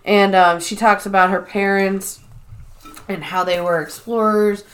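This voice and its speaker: A woman's voice: mid-range voice, unhurried. A young woman co-hosting a podcast, animatedly retelling a film's plot in casual chat and swearing freely. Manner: animated storytelling, heavy swearing. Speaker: podcast co-host. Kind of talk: casual chat recapping a film.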